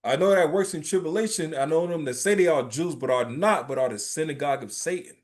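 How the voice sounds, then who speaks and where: A man teaching a religious class in an informal, emphatic preaching style, often checking in with "right?" and telling lively, streetwise stories. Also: fairly high pitch, quick pace. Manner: emphatic, keeps asking "right?".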